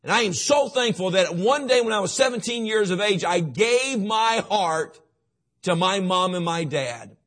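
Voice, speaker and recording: A man's voice: high voice, expressive, a little slow, fairly bright tone. A man preaching a sermon to teenagers, emphatic and repetitive, often asking his listeners questions. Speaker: youth pastor.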